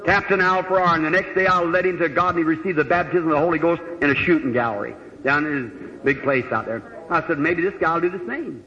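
Male preacher with a bright, forceful voice; folksy sermon storytelling; lo-fi old hall recording with long reverb. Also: on the high side, fast. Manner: folksy, plain-spoken retelling with quoted dialogue. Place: large hall with a live congregation.

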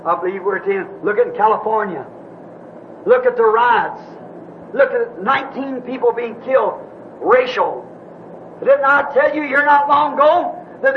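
Over a faint hiss in a dull, lo-fi recording, a man with a very high voice preaches as a minister. His sermon is impassioned, swinging between hushed passages and shouting.

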